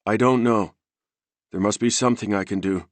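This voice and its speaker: A man voicing an odd, insistent young man who speaks in a flat voice without inflection. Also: on the low side, moderate pace, no room sound, pitched above the performer's own voice, lightly acted. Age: young adult.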